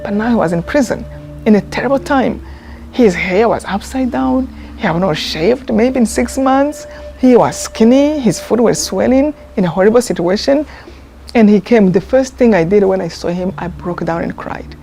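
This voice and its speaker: A woman, telling a personal story in a documentary interview, earnest and heartfelt, often pausing and restarting. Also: medium pitch, lively intonation, gravelly, dark tone, slight background noise. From Rwanda. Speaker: interviewee, genocide survivor.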